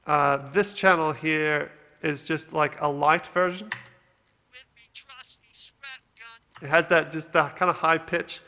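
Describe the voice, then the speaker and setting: Upbeat bright-voiced man explaining music. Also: fairly high pitch, in a large hall. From Australia. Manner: upbeat, rambling with fillers. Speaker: music producer, channel host. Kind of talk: casual video walkthrough.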